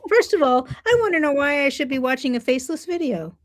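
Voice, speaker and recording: A woman with a somewhat high voice co-hosting a relaxed conversation. She mostly prompts with questions and short acknowledgements. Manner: short affirmations and curious questions. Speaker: co-host asking questions. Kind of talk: casual conversation.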